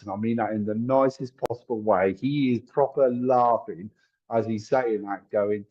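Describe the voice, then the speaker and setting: A man's voice: mid-range voice, a little slow, a little mellow, slightly rough, dull audio. A man doing a live psychic reading, chatty and apologetic, thinking aloud with lots of fillers. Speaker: psychic medium.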